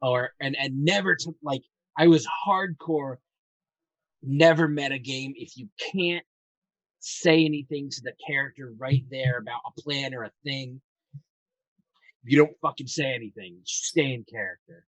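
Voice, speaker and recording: A man with a mid-range voice and measured pace chats casually about tabletop role-playing games, rambling enthusiastically and swearing freely as he tells stories. The recording is low-quality, with him far from the mic but no room sound.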